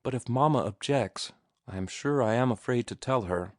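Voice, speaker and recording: A man voicing a shy, earnest young woman in love, speaking softly and slowly in a lifted voice. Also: mid-range voice, dry recording, clean studio sound, pitched above the performer's own voice, lightly acted. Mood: tender, anxious.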